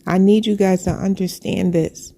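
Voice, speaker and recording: A woman's voice: medium pitch, steady tone, moderate pace, gravelly, warm tone. A woman sharing a heartfelt personal faith testimony, earnest and repetitive, with preacherly phrasing.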